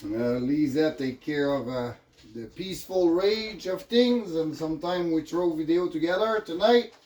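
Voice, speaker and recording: Slow-talking man with a French accent. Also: a little high, animated, darkish tone. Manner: loose, rambling, jokey asides. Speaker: vlogger cooking on camera. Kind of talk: casual chat while cooking. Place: home kitchen. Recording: echoey kitchen with faint noise.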